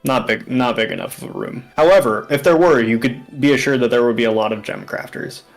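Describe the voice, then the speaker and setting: A man narrates a tabletop game as game master at a mid pitch. He rambles and fills his pauses with "um" and "like". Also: faint music behind, rough recording. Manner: rambling, with many fillers.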